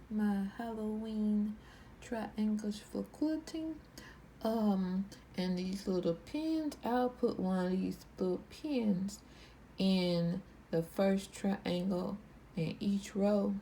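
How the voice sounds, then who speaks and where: Woman, quilting vlog host, slow unhurried delivery, rambling and repetitive, faint background hiss. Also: mid-range voice, vocal fry, warm tone, low-quality recording. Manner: slow, rambling, repeats herself. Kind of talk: casual show-and-tell vlog.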